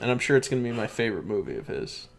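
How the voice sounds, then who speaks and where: A man's voice: lowish voice, very animated, very fast, creaky, slight background noise. Laughing young man rambling on a podcast. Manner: rambling, laughs often, self-correcting. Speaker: podcast co-host. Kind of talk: casual chat.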